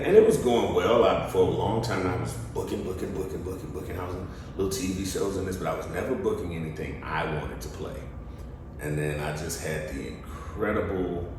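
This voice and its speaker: Deep-voiced man telling stories in an echoey room. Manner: lively storyteller, acts out quotes. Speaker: guest, actor and studio co-founder. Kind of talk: animated storytelling interview. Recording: echoey room, distant mic, background noise.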